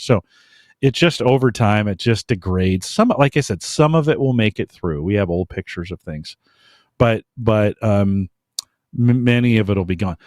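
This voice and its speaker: A man's voice: lowish voice, expressive, moderate pace, a little mellow, no room sound. A man co-hosting a podcast in casual chat, talking emphatically and giving strong opinions on a close mic. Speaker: podcast co-host.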